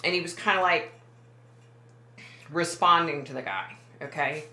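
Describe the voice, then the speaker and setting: A woman with a deep yet bright, forceful voice talks as a psychic medium. She rambles and keeps restarting her sentences in a chatty monologue. The room around her sounds roomy and echoey. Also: a little slow. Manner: rambling, self-correcting, many fillers. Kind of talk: casual monologue to camera.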